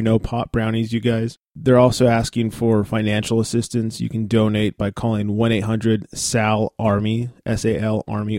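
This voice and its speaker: A man hosting a casual podcast with a raspy morning voice and a sore throat, reading out listings with fillers and asides. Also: lowish voice, darkish tone, no echo, studio quality. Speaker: podcast host.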